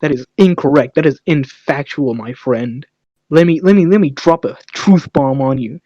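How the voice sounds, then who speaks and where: A man's voice: on the high side, moderate pace, no echo, lo-fi sound. Young man telling crude comedic stories. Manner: animated, crude, self-mocking with put-on quotes. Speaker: podcast co-host. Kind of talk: casual comedic storytelling.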